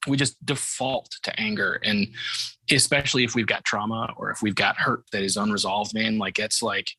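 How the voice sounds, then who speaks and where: A man's voice: lowish voice, fairly even intonation, moderate pace, sharp tone, husky, no room sound. A man hosting a podcast, agreeing and chatting casually with his guest. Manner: agreeable, conversational, affirming. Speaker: podcast host.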